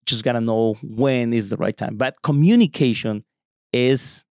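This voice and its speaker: A middle-aged man talks earnestly about marriage, steady and sincere. His pitch sits in the middle range. The recording is dry and close. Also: a little slow, dry recording. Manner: earnest, advice-giving. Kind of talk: casual chat.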